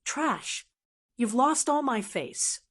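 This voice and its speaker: A woman's voice: a little high, big pitch swings, slow pace, a bit bright, husky, voice pushed up, heavily acted. A woman reading the part of a furious, ruthless middle-aged male clan elder who barks scornful orders in a storybook audiobook.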